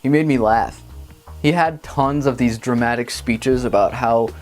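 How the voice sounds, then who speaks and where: A man's voice: mid-range voice, unhurried, a little mellow, soft background music. A man hosting a casual movie review vlog from a green-screen studio, talking in a sarcastic, mocking way. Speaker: film reviewer and show host.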